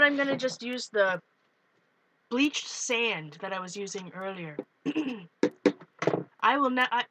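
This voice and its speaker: Bright-voiced chatty woman streamer. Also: a little high, a little hiss or hum, low-quality recording. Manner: chatty, giggly, talks to chat viewers. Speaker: art livestream host. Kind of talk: casual live-stream chat while painting.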